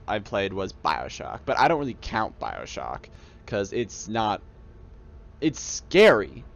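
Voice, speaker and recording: A man's voice: mid-range voice, vocal fry. Rambling young man on a dull headset mic. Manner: rambling, enthusiastic, frequent restarts and fillers. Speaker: YouTube gamer. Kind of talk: casual reflective monologue.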